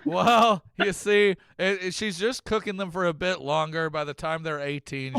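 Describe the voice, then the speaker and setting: Bright, gravelly joking man host. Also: sits high, fairly even intonation, normal speed, dry recording, clean studio sound. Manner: loud joking, laughs often. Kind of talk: casual recap commentary.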